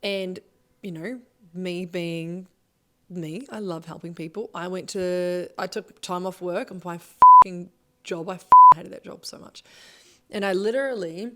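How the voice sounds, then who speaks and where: A woman's voice: fairly low pitch, measured pace, noisy background. A thirty-year-old woman, a business coach giving a motivational monologue, emphatic and swearing often.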